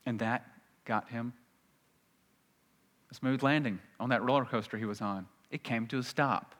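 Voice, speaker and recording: A man preaching a sermon in church, reading scripture aloud and acting out the people in it with lively energy. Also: mid-range voice, moderate pace. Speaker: pastor. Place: church sanctuary. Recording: long reverb of a large hall.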